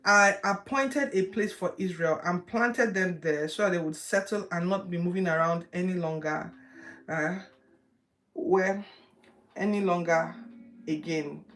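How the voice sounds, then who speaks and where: A woman voicing God as a majestic male deity, with a slow and solemn delivery. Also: on the low side, fairly bright tone.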